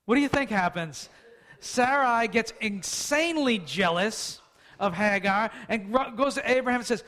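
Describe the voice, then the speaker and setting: A male preacher with a notably high voice. He preaches conversationally, asking his listeners questions as he goes. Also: lively intonation, normal speed, pushed and bright. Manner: conversational, asks the audience questions. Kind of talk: sermon.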